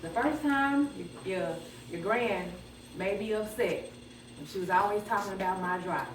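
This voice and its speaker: A woman telling fond, gently humorous stories at her grandfather's funeral. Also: mid-range voice, normal speed, a little hiss or hum. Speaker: granddaughter giving a eulogy. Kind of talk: emotional memorial speech. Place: church funeral service. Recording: echoey hall, distant mic, crowd.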